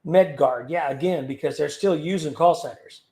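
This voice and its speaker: A man's voice: fairly high pitch, moderate pace, warm tone. A man hosting a livestream, chatting in a rambling way with many fillers and chuckles. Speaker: livestream host. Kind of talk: casual livestream chat. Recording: roomy echo.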